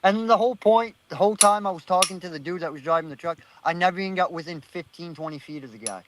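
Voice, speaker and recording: A man's voice: sits high, fast talker, noisy background. Fired-up, cursing man telling a story. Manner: profane, heated, animated storyteller. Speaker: panelist. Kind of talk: casual storytelling on an online panel.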